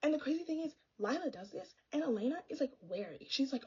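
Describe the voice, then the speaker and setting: A woman's voice: high-pitched, expressive, fast talker, few pauses, warm tone, dull audio. A young woman ranting about a book in a sassy, exasperated, casual vlog style. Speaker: book vlogger. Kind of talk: casual chatty book review.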